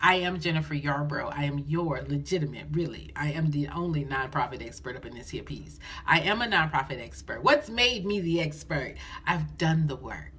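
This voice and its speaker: Woman coach on a phone live stream, bright and animated, a bit husky, folksy, repeats herself for punch. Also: sits low, moderate pace, hardly any pauses. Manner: lively, folksy, repeats phrases for emphasis. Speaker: nonprofit fundraising coach.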